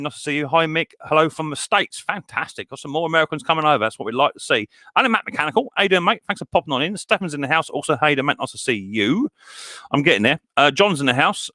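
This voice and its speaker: Bright, cheery man on a live stream. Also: fairly high pitch, dry recording. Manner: chatty and upbeat, greets each viewer with "mate". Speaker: live stream host, mower repair shop owner. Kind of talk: live stream chat, greeting viewers and answering questions.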